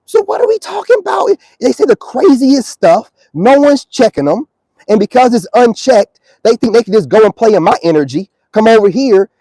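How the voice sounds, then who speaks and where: A man's voice: sits high, lively intonation, moderate pace, dark tone, dry recording, rough recording. A man ranting to camera outdoors in a preachy, confrontational monologue full of slang. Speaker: self-styled spiritual commentator.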